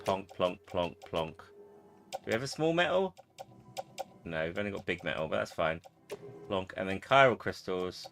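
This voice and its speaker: A man's voice: low voice, lively intonation, normal speed, vocal fry, long pauses, fairly bright tone, faint music behind. A man chatting casually with viewers while playing a game on a live stream, greeting people and muttering to himself.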